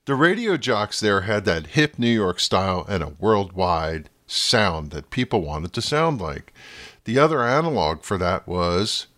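A man's voice: on the low side, expressive, measured pace, a bit bright. A man from New Jersey with a New Jersey accent, hosting a podcast in a scripted, playful monologue that now and then slips into a radio-announcer voice. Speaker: podcast host.

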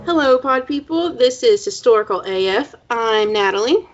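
A woman's voice: a little high, expressive, normal speed, soft background music. A woman hosting a podcast, wry and self-mocking as she rambles. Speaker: podcast host. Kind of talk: casual podcast chat. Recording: dull lo-fi podcast mic.

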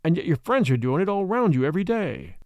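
A man's voice: high voice, very animated, quick pace, no room sound, highs cut off. A man doing a grim, blunt millionaire father.

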